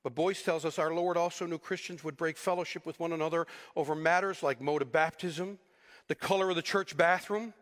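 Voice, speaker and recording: High-voiced preaching man, echoing hall. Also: fairly quick. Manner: animated preaching, acting out quoted voices. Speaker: pastor. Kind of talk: sermon.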